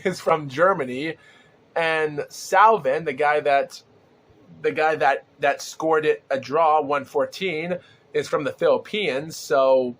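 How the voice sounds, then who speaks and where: A man hosting a rambling solo podcast, talking excitably with lots of fillers and restarts, his throat sore and groggy and his breath short. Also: a little high. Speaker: podcast host. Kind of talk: solo casual podcast commentary.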